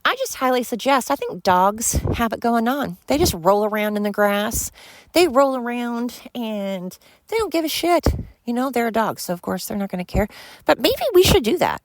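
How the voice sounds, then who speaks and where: A woman's voice: a little high, lively intonation, normal speed, no echo. A middle-aged woman hosting a podcast, talking in a rambling, candid and profane way while she walks outdoors with her dogs. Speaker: podcast host. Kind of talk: casual monologue.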